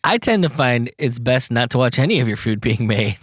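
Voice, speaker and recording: A man's voice: medium pitch, lively intonation, brisk, a bit bright. A man in a middle register hosts a loose podcast conversation, rambling between jokes and swearing often. The sound is dry and close, with no room echo. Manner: rambling, profane, joking. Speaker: podcast host. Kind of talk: casual chat.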